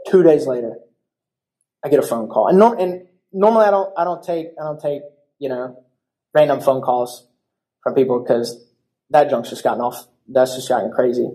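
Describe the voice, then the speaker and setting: A young man preaching a church sermon, telling a story in a lively, casual way and acting out the voices of people in it. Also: mid-range voice, normal speed, long pauses. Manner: animated storytelling with acted-out voices. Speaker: pastor.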